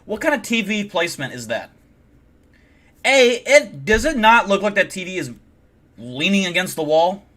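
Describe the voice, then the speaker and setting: A male streamer rants and swears as he reacts to a video live, sounding openly incredulous. His voice sits a little higher than most men's. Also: big pitch swings, moderate pace, long pauses, sharp tone. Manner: ranting, profane, incredulous. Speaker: streamer host.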